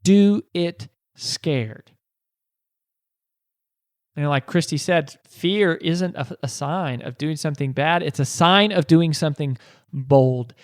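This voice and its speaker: A man's voice: on the high side, slow pace, no room sound, studio quality. A man hosting a podcast, telling a motivational story earnestly, with frequent restarts and rhetorical questions. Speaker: podcast host.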